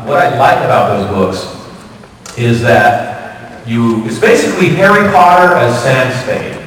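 A man answering convention panel questions in a chatty, animated way, often laughing, recorded from the audience. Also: mid-range voice, a little slow. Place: large convention hall. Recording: distant echoey hall, loud crowd.

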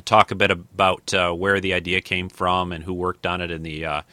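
A man in his fifties hosts a casual podcast with a deep voice and a bright, forceful edge. He rambles, restarts sentences and leans on fillers. The sound is close and dry. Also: flat delivery, moderate pace, no echo. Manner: rambling, many fillers and restarts, thinks aloud. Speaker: podcast host.

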